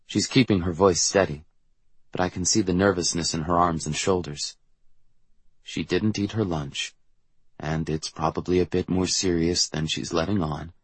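A man narrating a first-person novel in a quiet, measured way. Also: sits low, fairly even intonation, breathy edge, no room sound. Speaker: audiobook narrator.

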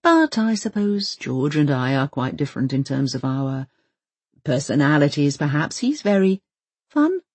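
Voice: medium pitch, very animated, unhurried, a little mellow, slightly rough, no room sound, exaggerated voice. An audiobook narrator voicing an awkward, reserved father who chooses his words carefully. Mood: hesitant. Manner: hesitant, careful phrasing. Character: awkward, mild-mannered father, anxious and reserved. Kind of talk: audiobook character voice.

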